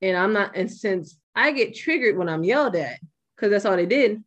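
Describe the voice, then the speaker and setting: A young woman hosting a podcast, talking bluntly and with plenty of swearing in a casual, animated way. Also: mid-range voice, moderate pace. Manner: blunt and profane, animated retelling. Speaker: podcast host.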